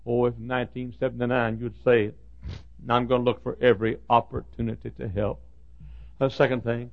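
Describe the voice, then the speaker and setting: An older man preaching in a gravelly, rough voice, spinning stories from the pulpit. He repeats himself as he builds, rising loud and then dropping low. The recording sounds dull and lo-fi. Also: level tone, a little fast. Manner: storytelling preacher with repetitions, swinging from loud to hushed. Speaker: pastor. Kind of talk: sermon.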